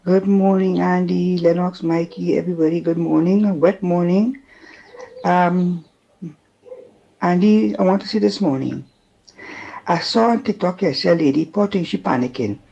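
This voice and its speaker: A Trinidadian caller phones in to a talk show, chatting and scolding in a rambling way. The voice sits in a middle pitch. The line sounds a little muffled. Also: moderate pace, creaky, dark tone. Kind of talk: call-in radio chat.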